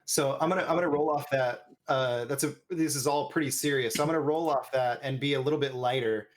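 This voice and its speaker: A man's voice: mid-range voice, fairly quick, slight background noise. Easygoing male podcast host. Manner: easygoing, reads listener questions. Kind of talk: casual chat.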